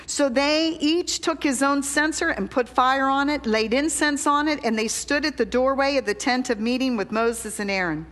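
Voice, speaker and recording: A woman's voice: sits high, a bit bright. A woman preaching a sermon, reading scripture aloud and adding her own commentary, sometimes dropping almost to a whisper. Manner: slow, deliberate, drops to a near whisper when confessing. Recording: long hall reverb.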